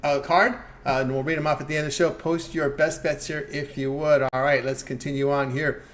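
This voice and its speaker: A man hosting a live sports betting stream, giving picks and promotions in a quick, upbeat patter with fillers. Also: fairly high pitch, flat delivery. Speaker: sports betting show host.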